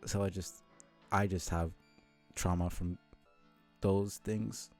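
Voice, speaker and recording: A man's voice: sits low, steady tone, slow pace, darkish tone, soft background music. A man streaming live, chatting casually in a rambling way with casual swearing.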